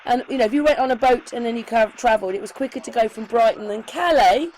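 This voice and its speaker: A woman's voice: fairly high pitch, quick pace, darkish tone. A woman chatting casually, adding points and asking for agreement. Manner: conversational, keeps adding points, asks for agreement. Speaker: co-host. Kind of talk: casual chat. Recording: noisy home recording.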